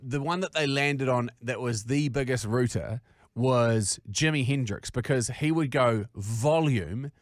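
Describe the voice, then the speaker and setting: A man with a New Zealand accent, co-hosting a podcast and telling sweary, animated stories in casual chat. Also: mid-range voice, a little slow, dry recording, studio quality. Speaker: podcast co-host.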